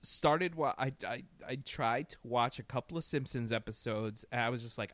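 A man co-hosting a casual podcast, telling stories in an animated, profane way. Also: medium pitch, moderate pace, few pauses, dry recording. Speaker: podcast co-host.

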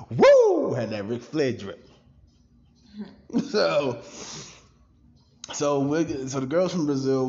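A man from Maryland telling a wild personal story on a podcast, animated and profane, laughing often. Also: lowish voice, vocal fry, lo-fi sound. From Maryland, USA. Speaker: podcast cast member. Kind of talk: casual storytelling.

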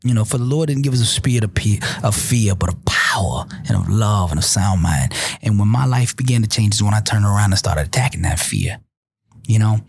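Male motivational speaker, husky timbre, dry recording; animated, repetitive testimony delivery. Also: lowish voice, no echo. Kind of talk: conversational storytelling testimony.

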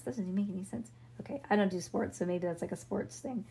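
A woman's voice: medium pitch, a little fast, creaky, mellow, slightly rough. A woman reading a children's book aloud in a casual way, with slips and self-corrections. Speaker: storybook reader.

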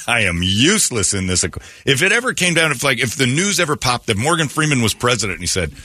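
A man's voice: medium pitch, sing-song, fast, sharp tone, no room sound, studio quality. A man in his fifties hosting a talk show, joking loosely and laughing often as he banters. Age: 50s. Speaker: radio show host.

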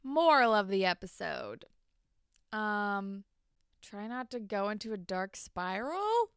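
A woman's voice: big pitch swings, slow pace, smooth, dry recording, studio quality. A young woman co-hosting a casual podcast, recapping a TV episode and acting out the characters' lines. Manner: chatty, acts out characters' lines with big pitch jumps. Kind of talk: casual chat.

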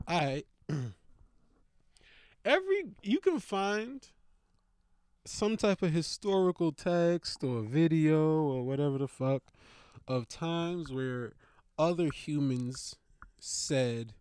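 A comedian rants to camera at a slow, drawn-out pace, full of swearing and stammered restarts. The voice sits at a middling pitch and sounds dry and close, with no room echo. Between rambling thoughts it breaks into loud scolding of a dog. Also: expressive, clean tone. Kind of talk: profane comedic rant to camera.

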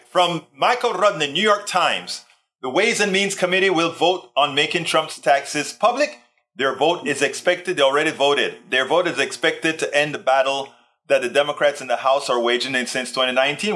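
A man's voice: medium pitch, pushed and bright. A man hosting a casual live stream, chatting in a rambling way and reading out viewer comments. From Texas. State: tired, sore back. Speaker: livestream host.

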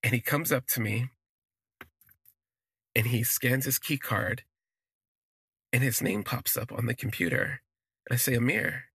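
A man telling a personal story in an expressive, self-deprecating way, drifting into asides. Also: medium pitch, unhurried, long pauses, husky, dry recording, studio quality. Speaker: podcast storyteller.

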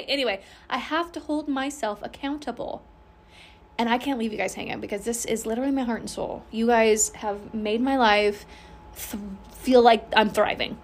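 A woman's voice: a little high, fairly bright tone. A woman hosting her own podcast, chatting casually in a bubbly, rambling and candid way, swearing freely. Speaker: podcast host. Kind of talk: casual solo podcast chat.

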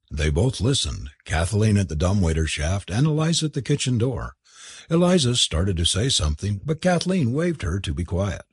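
A man narrating a novel aloud in an expressive, theatrical reading. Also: lowish voice, no echo, clean studio sound. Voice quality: husky. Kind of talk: audiobook narration.

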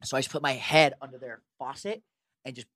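A man's voice: mid-range voice, steady tone, a little fast, fairly bright tone, dry recording, clean studio sound. A young man co-hosting a podcast, telling a story in casual chat, swearing freely and acting out his own reactions. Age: young adult. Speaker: podcast co-host.

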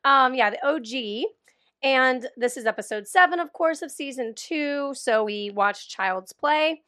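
Young woman podcast co-host, bright and a little high, chatty, swears freely, laughs often. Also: expressive, unhurried. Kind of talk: casual chat.

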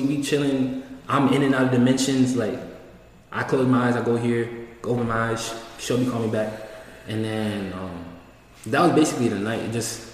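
A young man telling a rambling story in casual slang, acting out what people said. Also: mid-range voice. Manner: slangy, rambling, acts out quoted lines. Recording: echoey room, distant mic, faint hiss.

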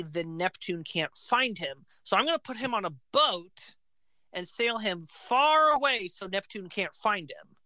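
A woman casually retelling an opera plot, animated and acting out the characters' lines. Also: on the low side, no room sound.

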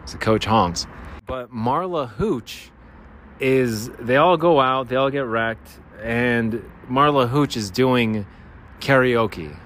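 A man's voice: medium pitch, takes it slowly, a bit bright. A man with a nasal voice rambles through a casual podcast monologue. He jokes at his own expense and wanders from thought to thought. Faint traffic hums behind him outdoors. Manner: rambling, self-deprecating, jokey. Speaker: podcast host. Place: outdoors by a freeway. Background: traffic and motorcycles.

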